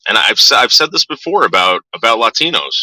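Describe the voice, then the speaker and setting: A man's voice: medium pitch, very animated, brisk, pushed and bright, no echo, poor audio. A middle-aged man ranting casually to his viewers, swearing a lot and stumbling over repeated words. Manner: profane, stammering repeats. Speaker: vlogger. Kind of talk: casual rant.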